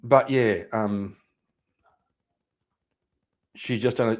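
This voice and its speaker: A man's voice: fairly low pitch, unhurried, pauses often, a little mellow. A man hosting a live stream, reacting to clips in loose, profane commentary, laughing and repeating himself. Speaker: livestream host reacting to clips.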